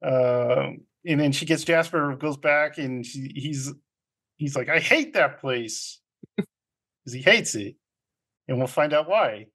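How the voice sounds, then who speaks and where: A man co-hosting a casual podcast, recapping a film and quoting characters in quick put-on voices, laughing often. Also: mid-range voice, a bit bright. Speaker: podcast co-host.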